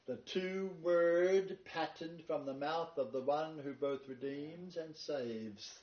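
A man delivers a sermon-style Bible lecture to a congregation, moving from read-out quotations to emphatic preaching. His voice is mellow and dark. It is captured from a distance in a dull, echoey room recording. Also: a little high, takes it slowly. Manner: reads long quotations, then emphatic preaching. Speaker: Bible teacher. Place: meeting room with a live congregation.

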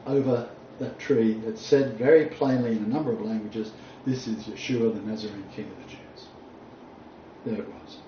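A man's voice: mid-range voice, warm tone, a little hiss or hum. Emphatic male preacher in a roomy hall. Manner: emphatic, deliberate, cites sources aloud. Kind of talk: sermon with scripture reading. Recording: distant mic, roomy echo, dull sound.

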